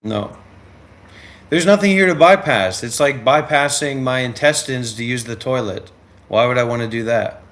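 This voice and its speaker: A man's voice: medium pitch, normal speed, a bit bright. Blunt, combative livestream host man. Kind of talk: livestream chat.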